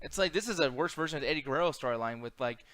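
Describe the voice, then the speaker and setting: This man co-hosts a casual wrestling chat, his voice a little high and animated as he races along over crowd noise. He rants profanely and keeps slipping into mocking impressions.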